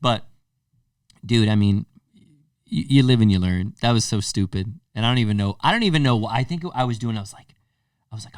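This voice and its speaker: A young man co-hosting a casual podcast, animated and profane as he acts out the people in his stories. He sits a little away from the mic in a dry, dead room. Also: medium pitch, fairly quick, no echo, distant mic. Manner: animated, swears freely, acts out quotes. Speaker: podcast co-host. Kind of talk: casual storytelling chat.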